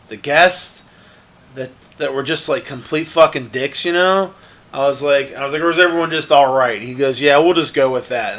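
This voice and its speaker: A man's voice: on the high side, fairly bright tone. A young man rambling through a casual story, swearing often and restarting his sentences with lots of fillers.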